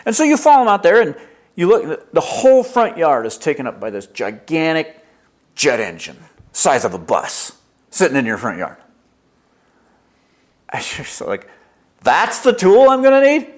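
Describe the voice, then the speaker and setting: A man preaching a sermon, lively and storytelling, acting out little dialogues as he explains a passage. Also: on the high side, a little slow, pauses often. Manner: lively preaching, acts out dialogue with God in his stories. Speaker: pastor.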